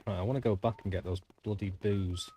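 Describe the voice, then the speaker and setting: A man with a low, deep voice talks through a game stream in a loose, rambling way. He chats straight to his viewers, drifting between topics and throwing in the odd mild swear word, with faint noise in the background. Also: fairly even intonation, brisk, dark tone. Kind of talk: casual gameplay commentary.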